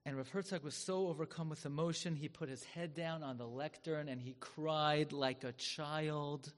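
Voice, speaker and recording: A man with a somewhat high voice tells a sermon as a dramatic story. His words carry a long reverb, as if he speaks in a large hall. He turns loud and high for the big moments. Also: steady tone, normal speed. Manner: dramatic, swells loud and high when acting out quoted rabbis.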